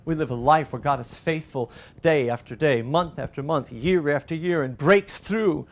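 A middle-aged man preaching a sermon as pastor, rising loud and animated through lists and quoted cries. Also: fairly high pitch, moderate pace.

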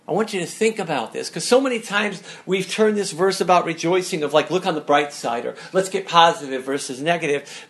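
Male pastor, fairly high gravelly voice, emphatic sermon delivery with restarts. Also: a bit bright. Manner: emphatic, repeats and restarts words.

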